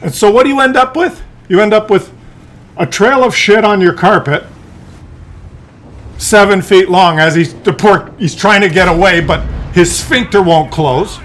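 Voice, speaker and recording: A man's voice: sits high, moderate pace, fairly bright tone. A man ranting in a rambling, profane monologue, full of fillers and restarts. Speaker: streamer.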